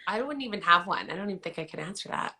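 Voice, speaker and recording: A woman with a Canadian accent hosting a casual live chat, upbeat and firing off quick questions. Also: fairly low pitch, lively intonation, bright, forceful tone. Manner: upbeat, quick-fire questions, friendly laughter. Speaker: host asking quick questions. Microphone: phone live stream.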